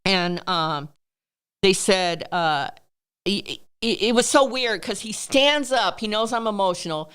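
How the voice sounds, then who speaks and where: A woman chatting on a podcast, her voice smooth and clean. She tells long stories in an animated way. When she quotes other people she lifts her voice high. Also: measured pace. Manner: animated storyteller, acts out quotes in raised voice. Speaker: guest telling stories. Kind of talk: casual storytelling in a podcast interview.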